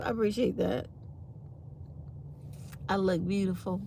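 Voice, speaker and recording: Woman, tired, chatty, low gravelly voice, faint hiss behind. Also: measured pace. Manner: chatty, reads live comments aloud. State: tired and yawning. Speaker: channel host. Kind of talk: casual morning chat to viewers.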